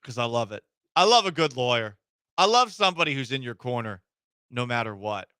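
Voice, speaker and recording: A man's voice: mid-range voice, very animated, a little fast, pushed and bright, clear, resonant tone, no room sound. A man hosting a sports talk radio show in a studio, talking casually with a wry, sarcastic edge.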